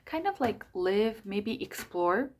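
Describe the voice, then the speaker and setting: A woman's voice: mid-range voice, animated, takes it slowly. Woman, casual astrology forecast, rambling, self-correcting. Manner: chatty, rambling, frequent self-corrections and asides. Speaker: astrology channel host.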